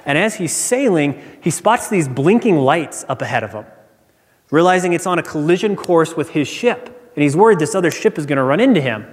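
A pastor preaching a sermon in a relaxed, conversational storytelling way that builds to emphatic repetition. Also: male voice, fairly high pitch, brisk. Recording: church hall reverb.

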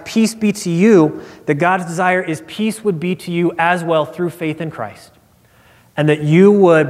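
Earnest male preacher in a reverberant hall. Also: a little high. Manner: earnest, expressive storytelling with acted-out quotes. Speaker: pastor. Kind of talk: sermon.

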